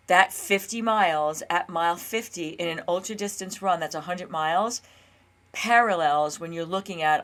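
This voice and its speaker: A woman in her fifties hosts her own health and weight loss show with a slightly low voice. She talks casually and earnestly to her viewers, coaching them. Now and then she acts out her own inner dialogue. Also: a bit bright. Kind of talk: casual solo talk to camera.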